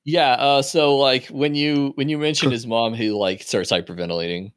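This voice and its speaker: A man narrating a tabletop game as game master, relaxed and hesitant. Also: medium pitch, moderate pace, clear, resonant tone, dry recording, clean studio sound.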